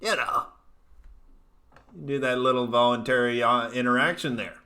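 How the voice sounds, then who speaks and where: A man with a bright, forceful voice hosts a casual comedy live stream. He rambles through profane, jokey rants between chat comments. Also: medium pitch, fairly even intonation, normal speed. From United States.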